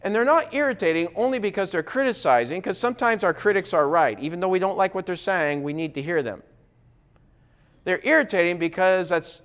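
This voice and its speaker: A man teaching a recorded Bible class in a conversational way, often checking in with his listeners. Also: high-pitched. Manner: conversational, frequent "okay?" check-ins.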